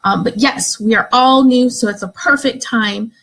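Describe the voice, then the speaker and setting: A woman's voice: fairly high pitch, moderate pace, gravelly, rough recording. A woman leading a live video training for her direct sales team, upbeat and encouraging, talking straight to new members. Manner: upbeat, encouraging, acts out excited examples. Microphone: phone or webcam, live stream.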